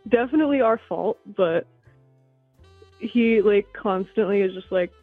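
A woman's voice: medium pitch, expressive, slow, husky, no room sound, soft background music. Young female caller on a tinny phone line, breathless, rambling, dry sound. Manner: rambling, frequent "like" fillers. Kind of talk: casual phone call.

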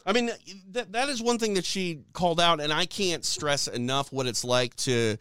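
A young man co-hosting a combat sports podcast, chatting casually through the night's results. His voice is smooth and resonant, recorded close in a dry space with no room sound. He leans on fillers and restarts as he talks. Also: a little high, normal speed, pushed and bright, no room sound. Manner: chatty, frequent "uh" and "you know" fillers. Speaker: podcast host.

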